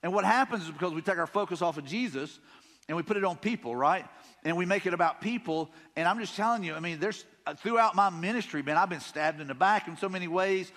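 A man's voice: high-pitched, fast, fairly bright tone, big-room sound. A man with a Southern US accent preaching a sermon as pastor, talking in a conversational, folksy way and often repeating himself. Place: church sanctuary.

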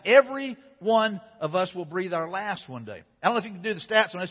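Casting note: man with a high, husky voice, casual-style sermon, long hall echo, dull lo-fi sound. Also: lively intonation, quick pace. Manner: conversational, repeats phrases. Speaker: pastor.

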